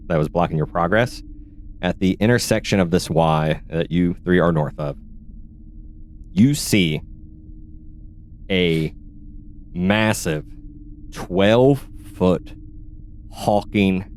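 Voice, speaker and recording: Low-voiced man running a tabletop game. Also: a little hiss or hum. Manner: descriptive, searches aloud for words. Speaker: game master.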